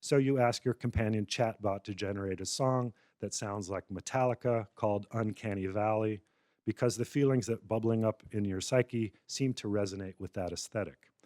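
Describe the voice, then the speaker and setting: A man's voice: on the low side, normal speed, darkish tone, no echo, clean studio sound. A male lecturer giving a public talk, narrating a wry, satirical scenario. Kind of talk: public lecture, storytelling argument.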